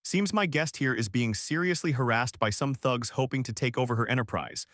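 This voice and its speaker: A man voicing a calm, confident wealthy mentor who speaks with assured, emphatic authority. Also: mid-range voice, brisk, no echo, studio quality, natural voice. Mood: reassuring.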